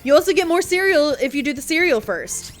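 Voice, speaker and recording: A woman's voice: high voice, expressive, a little fast. A woman streaming a video game, chatting casually with sarcastic asides and swearing. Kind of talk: casual gameplay commentary. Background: game music.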